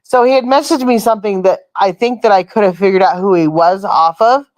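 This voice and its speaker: A woman's voice: medium pitch, brisk, darkish tone, no room sound. A woman hosting a casual chat, telling a long rambling story and swearing freely. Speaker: host.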